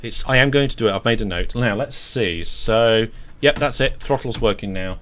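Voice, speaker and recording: A man's voice: mid-range voice, moderate pace, a bit bright, slight background noise. A British man casually commentating his own game on a live stream, chatty and talking through each step as he plays.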